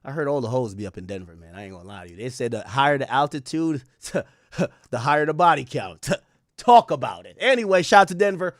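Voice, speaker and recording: A young man hosting a livestream in loose, profane, joking chat, shouting out viewers by city. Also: mid-range voice, lively intonation, fast talker, no echo, clean studio sound. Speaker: livestream host. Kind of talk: casual livestream commentary.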